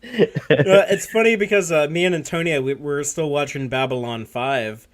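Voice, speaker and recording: A jokey man co-hosting a casual live stream. He rambles through his stories with plenty of filler. His voice sits a bit higher than most men's. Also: moderate pace. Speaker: podcast co-host.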